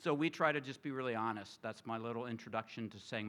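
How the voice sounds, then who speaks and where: A man's voice: mid-range voice, fast talker. A middle-aged male pastor delivering a sermon to his congregation, asking them questions and drawing them in. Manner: animated, engages congregation with questions. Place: church sanctuary with congregation.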